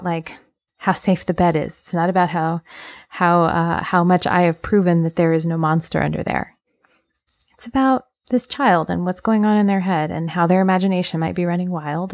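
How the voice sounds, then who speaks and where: A woman hosting a podcast, talking through relationship advice in a gentle, earnest way with plenty of ums and uhs. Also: on the low side, vocal fry. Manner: gentle, earnest, filler-heavy explanation. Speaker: podcast host. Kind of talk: casual advice podcast monologue.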